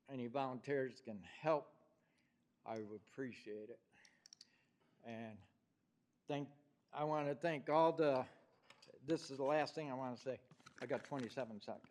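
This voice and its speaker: An older man with a New York accent giving a rambling, heartfelt public comment at a city council meeting. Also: on the high side. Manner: rambling, heartfelt, with many fillers.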